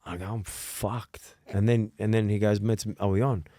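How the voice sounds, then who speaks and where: Man, low voice, dry close sound, animated sweary storytelling. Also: fast talker, no echo. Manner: animated storytelling, heavy swearing, acts out quoted dialogue. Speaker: podcast host. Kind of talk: casual chat.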